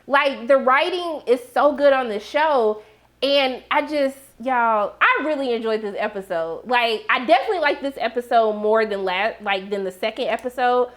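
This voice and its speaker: Sassy lady w a high voice recapping a tv episode, AAVE slang, hypes up her viewers. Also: normal speed. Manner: animated, sassy, talks straight to viewers with slang. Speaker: TV recap host.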